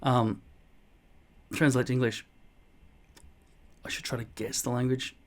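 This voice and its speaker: A man's voice: mid-range voice, flat delivery, a little slow, a little hiss or hum. A man, casually reading and answering viewer comments in a blunt, mock-boastful way, swearing often. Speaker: vlogger replying to comments. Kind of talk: casual comment-reply monologue.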